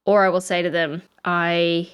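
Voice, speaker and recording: A woman's voice: medium pitch, normal speed, highs cut off. A woman with an Australian accent, co-hosting a podcast and telling stories in a chatty way with frequent laughs. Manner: chatty storyteller, laughs often. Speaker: podcast co-host. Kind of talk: casual chat.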